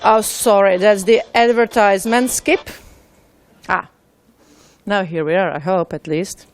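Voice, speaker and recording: A woman giving a conference talk, informal and a little halting. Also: medium pitch, soft background music. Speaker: conference speaker. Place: conference hall.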